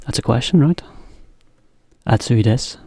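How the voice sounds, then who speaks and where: A man giving a relaxed English lesson to Japanese learners, explaining with simple examples. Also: mid-range voice, moderate pace, no room sound, studio quality. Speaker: English teacher.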